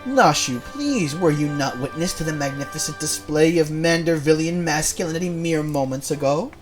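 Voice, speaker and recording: A man's voice: fairly high pitch, normal speed, soft background music, natural voice. A man voicing a pompous, theatrical male inspector, reading game lines in a bombastic, declamatory way.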